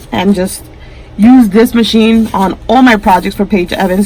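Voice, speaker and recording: A woman's voice: medium pitch, a little hiss or hum, low-quality recording. A woman hosting a crafting channel, talking to camera in a heartfelt, emotional way, close to tears. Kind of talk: casual vlog to camera.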